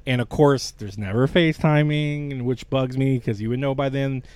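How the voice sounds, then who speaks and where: A man's voice: medium pitch, moderate pace, darkish tone, no echo. A man co-hosting a casual chat, chatty and eager to explain movie plots.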